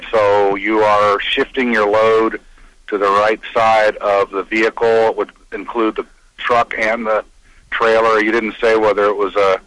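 Male caller, lowish flat voice, bright, hesitant, thinks out loud. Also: measured pace, no room sound, poor audio. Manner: hesitant, reasoning step by step. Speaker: caller, riddle contestant. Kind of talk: phone-in answer.

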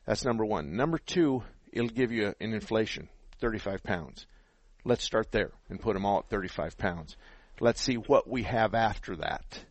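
Folksy radio car-advice host, low voice. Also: male voice, expressive, normal speed, breathy edge, dry recording. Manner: folksy, practical, explains step by step. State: out of breath. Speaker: radio show host, auto mechanic. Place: radio studio. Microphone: headset.

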